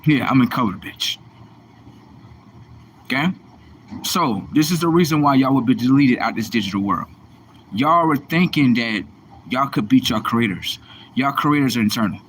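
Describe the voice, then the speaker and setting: A man's voice: mid-range voice, lively intonation, normal speed, long pauses, a bit bright, slight background noise. A man hosting a livestream, delivering a profane, mocking religious rant in a confrontational, preachy manner. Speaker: livestream host.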